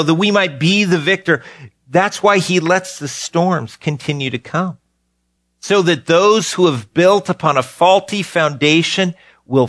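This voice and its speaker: A man's voice: medium pitch, a bit bright, no echo. Earnest male pastor, dry close sound. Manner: earnest preaching, repeats key phrases for emphasis. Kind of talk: sermon.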